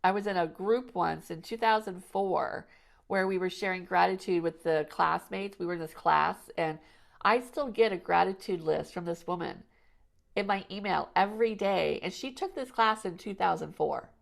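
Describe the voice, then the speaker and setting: A woman's voice: fairly low pitch, moderate pace, creaky. A woman hosting a podcast, chatting casually and telling rambling stories with frequent restarts and "you know"s. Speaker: podcast host. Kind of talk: casual conversational chat.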